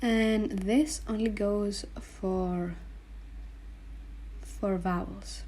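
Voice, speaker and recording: At a board, a woman patiently takes a learner through Greek letter combinations, slowly spelling out each sound and repeating it. Her voice sits at medium pitch, steady and dark in tone.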